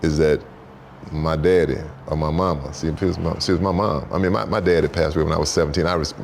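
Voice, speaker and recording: A man telling stories on a talk show, in an animated, repetitive way, jumping into high voices for quotes. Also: fast talker, vocal fry, slight background noise. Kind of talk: storytelling talk-show chat.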